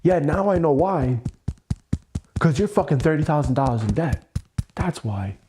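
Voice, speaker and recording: A man's voice: on the high side, animated, moderate pace, background noise. A man hosting an EFT tapping session, venting with angry, profane, repetitive words and weary sighs.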